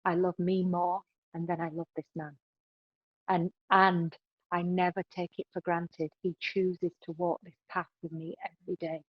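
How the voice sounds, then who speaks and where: A woman's voice: lowish voice, flat delivery, a little slow, no room sound, highs cut off. A woman being interviewed on a podcast, giving relationship advice in an emphatic way and often adding "right?" to her points. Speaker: podcast guest.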